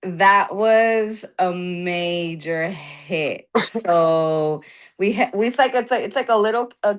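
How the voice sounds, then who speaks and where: Lady chatting about her food business, halting, lots of likes and ums. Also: medium pitch. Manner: halting, full of fillers. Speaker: business owner sharing news. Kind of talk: casual chat.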